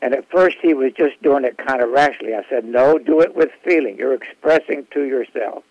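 A man speaking as a guest on a talk radio show, explaining his therapy practice in a halting way with frequent restarts. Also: medium pitch, darkish tone, dry recording, dull audio. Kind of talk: casual radio interview.

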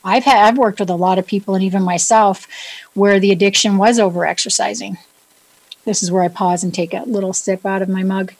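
A woman's voice: medium pitch, fairly even intonation, fairly quick, a little mellow, rough recording. Chatty upbeat woman with a New England accent. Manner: chatty, upbeat, self-joking, asks listeners questions. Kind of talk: casual solo talk to listeners.

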